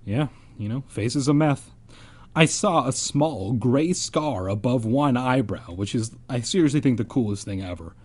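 Husky guy reading a kids' spooky book, goofy rambling asides, voice bounces around a lot. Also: mid-range voice, animated, a little slow. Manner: rambling, joking, self-deprecating. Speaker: reader and host. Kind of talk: casual reading with jokey asides.

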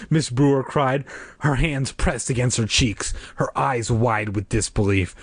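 Casual amateur reader, male, husky, dry close mic, hams up a creepy kids' story. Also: medium pitch, moderate pace, no echo. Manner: reads aloud with exaggerated character voices and joking asides. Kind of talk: casual read-aloud of a children's horror book.

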